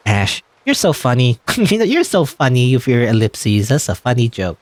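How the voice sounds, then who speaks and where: A man's voice: mid-range voice, huge pitch swings, a little slow. A man voicing a bubbly, insistent schoolgirl classmate in a game he reads aloud. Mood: chirpy. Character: pushy, chirpy schoolgirl classmate.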